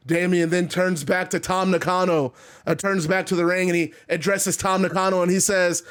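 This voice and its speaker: Brief: high-pitched male narrator, excited wrestling game recap. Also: moderate pace, clean tone.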